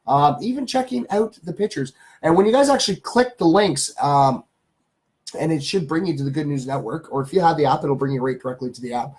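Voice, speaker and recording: Live-stream host, male, slightly higher voice, reads good-news stories in a loose, chatty way with lots of ums. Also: animated, a little fast, a little mellow. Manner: chatty, greets chat viewers, many ums and uhs.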